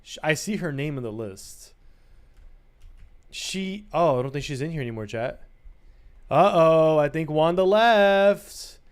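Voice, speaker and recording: A man with a fairly high, animated voice livestreams at an unhurried pace, pausing often. He chats casually with his audience in a playful, teasing manner and now and then slips into sing-song bits.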